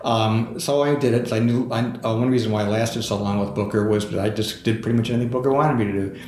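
A man's voice: fairly low pitch, fairly even intonation, fast talker, a little mellow. A man, a book author, telling anecdotes in a casual podcast interview, with fillers and chuckles. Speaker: author guest. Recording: echoey room.

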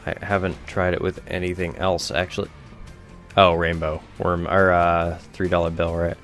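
A man's voice: low-pitched, level tone, moderate pace, fairly bright tone, faint music behind. A young man giving rambling, offhand let's-play commentary over a video game, swearing casually. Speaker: gameplay commentator.

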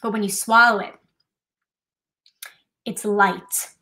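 A woman's voice: mid-range voice, fairly even intonation, slow, pushed and bright, rough recording. A woman hosting a live trivia night, chatting casually and explaining things step by step with a self-deprecating touch. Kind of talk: casual live-stream demonstration.

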